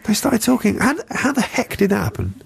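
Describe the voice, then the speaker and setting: A man's voice: high voice, wildly swooping pitch, a little fast, gravelly, slight background noise. A man in his forties guest-hosting a radio show, joking and self-mocking in casual chat. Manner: jokey, self-mocking, tries silly accents. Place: radio studio. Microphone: studio microphone.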